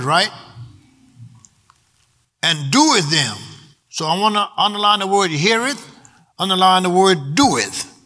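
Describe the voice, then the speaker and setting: A man delivers a sermon in a high, ringing voice. His cadence is rhythmic, sliding at times into half-song, and he slows down to stretch out important words. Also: sharp tone. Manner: rhythmic preaching, sometimes half-sung, stretched words for emphasis. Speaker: preacher.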